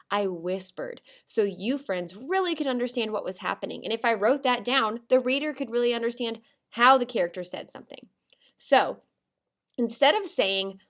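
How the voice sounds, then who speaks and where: A woman teaching a recorded writing lesson to first graders, telling a story with dramatic shouts and whispers. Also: on the high side.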